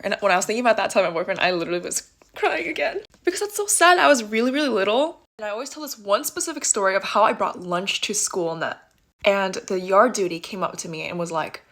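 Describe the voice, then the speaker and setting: A young woman from the United States, softly and reflectively telling a personal story in a casual vlog, with lots of filler words. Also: mid-range voice, animated, quick pace. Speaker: vlogger.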